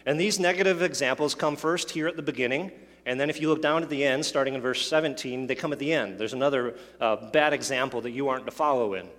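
A man's voice: medium pitch, fast talker, a bit bright. A man preaching a sermon, explaining a scripture passage, asking rhetorical questions and adding asides. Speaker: pastor. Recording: long hall reverb.

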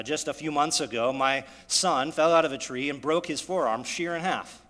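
A man's voice: a little high, fairly bright tone. A man in his thirties preaching a sermon, driving his points home with frequent rhetorical questions. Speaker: pastor. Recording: long hall reverb.

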